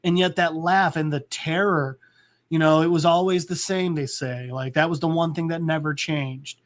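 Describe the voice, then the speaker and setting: A podcast host talks a listener through a comic book scene. His voice sits a bit high for a man. He rambles, stumbles and fills his speech with "like". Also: steady tone, moderate pace. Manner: rambling, full of "like" and restarts. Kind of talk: casual comic book recap.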